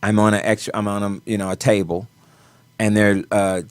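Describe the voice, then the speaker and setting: A male choreographer on a talk show shares a personal story with animation, moving between soft and loud delivery. His voice is lowish at a normal speed, with no room sound.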